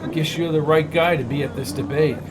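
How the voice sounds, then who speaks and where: A man's voice: on the high side, brisk, close to an everyday voice. Brief: man playing a wary, curt investigator, clipped delivery, noisy recording. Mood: terse.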